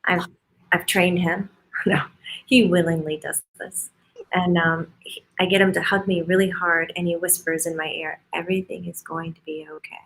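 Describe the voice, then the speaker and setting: Female host, lower register, effusive interview chat. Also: steady tone, normal speed, fairly bright tone, poor audio. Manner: gushing, effusive.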